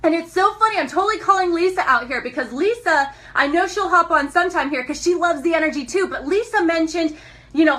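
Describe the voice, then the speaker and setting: A young woman from Montana giving an energetic motivational talk on a live stream, laughing often and calling out to her viewers. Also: very high-pitched, fairly quick. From Montana, USA. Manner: enthusiastic, laughs often, talks to viewers as guys.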